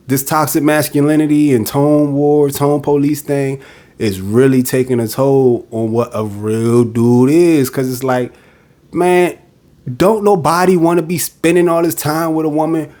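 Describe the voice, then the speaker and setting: Venting in a casual podcast monologue, this host is blunt and straight to the point. He has a darkish, mid-range voice and performs the quoted voices himself.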